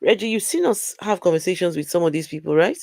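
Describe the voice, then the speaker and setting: A woman's voice: on the low side, animated, quick pace, vocal fry, a little mellow, no echo. A woman hosting a casual live stream, blunt and exasperated as she comments to her co-host.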